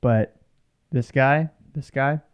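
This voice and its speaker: A man's voice: mid-range voice, takes it slowly, clean tone. A man in his twenties co-hosting a podcast in casual chat, laid-back, laughing often and leaning on "like.". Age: 20s. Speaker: podcast co-host.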